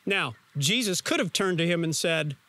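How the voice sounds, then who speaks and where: A man's voice: fairly high pitch, expressive, normal speed, pushed and bright. A man preaching a sermon. He tells the story vividly and emphatically and puts questions to his listeners. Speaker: pastor.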